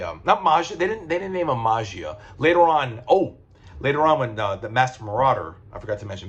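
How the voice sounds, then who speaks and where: A man's voice: mid-range voice, fairly bright tone. A man reviewing comic books in a casual video, rambling with lots of fillers, restarts and swearing.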